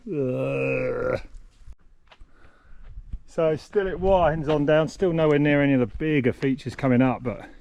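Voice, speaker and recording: A man hosting a casual walkthrough of a race course, excitable and blunt, swearing and exclaiming as he goes. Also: fairly high pitch. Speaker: host walking a race course. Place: outdoors on a mountain bike course.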